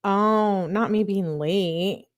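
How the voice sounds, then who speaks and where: A woman's voice: mid-range voice, extremely slow. Casual woman commentator reading message logs aloud, dry asides, mid-range voice. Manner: casual, reacts with disgust and asides between messages. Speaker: true crime commentator.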